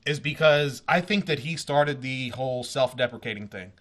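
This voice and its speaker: Brief: brash male guest, bright and sharp voice, swears a lot. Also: medium pitch, moderate pace. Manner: profane, animated storyteller. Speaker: interview guest, radio host and comedian. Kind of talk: casual chat.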